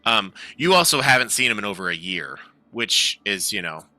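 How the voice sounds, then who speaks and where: A man's voice: lowish voice, big pitch swings, normal speed, bright, forceful tone, no echo. A man narrating as game master, in a loose style full of filler words.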